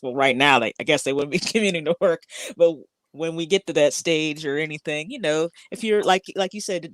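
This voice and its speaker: A woman's voice: lowish voice, dry recording, clean studio sound. A woman who runs a podcast, chatting and giggling as a guest on a live stream. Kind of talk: casual live chat.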